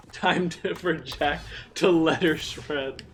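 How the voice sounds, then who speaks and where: Male stream host, excitable and laughing, a bit high-pitched, light noise floor. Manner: giggly, excitable, talks to chat. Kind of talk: casual gameplay chat with chat.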